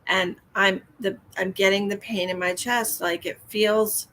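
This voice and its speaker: A woman's voice: mid-range voice, fairly even intonation, a little slow, a bit bright. Woman doing live psychic readings on stream, soothing, says hun and honey, mid voice, faint hiss behind. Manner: soothing, calls viewers hun and honey, reads comments aloud.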